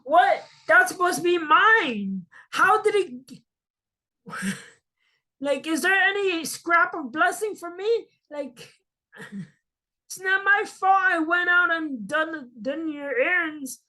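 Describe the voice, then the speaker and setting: A woman's voice: medium pitch, takes it slowly, pushed and bright, husky, exaggerated voice. A woman voicing a bitter young man who was cheated of his birthright, pleading and indignant in turn.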